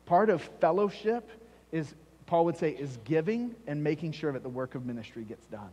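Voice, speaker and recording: A man's voice: fairly high pitch, sing-song, normal speed, a little mellow, highs cut off. A man preaching a sermon as pastor, emphatic and repeating key phrases for stress. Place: church sanctuary. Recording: long reverb of a church hall.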